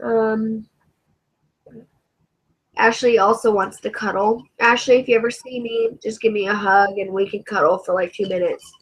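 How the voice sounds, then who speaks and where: A woman's voice: mid-range voice, fairly even intonation, moderate pace, husky, poor audio. A woman with an English accent, chatting casually on a livestream as a cosplayer host, ranting animatedly and swearing freely.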